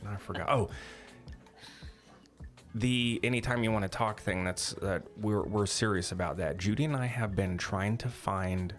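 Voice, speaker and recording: A man's voice: lowish voice, normal speed, soft background music. A man co-hosting a podcast, talking in a rambling, candid way and swearing casually. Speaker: podcast co-host. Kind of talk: casual conversational podcast chat.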